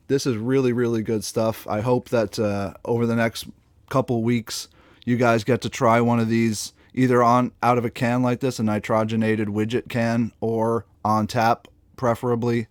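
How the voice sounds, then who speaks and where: A man hosts a casual beer tasting review in a middle-pitched voice. He talks in a playful, chatty way, pausing between tasting notes. The sound is dry and close, with no room echo. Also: flat delivery. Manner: playful, chatty, trailing pauses while tasting.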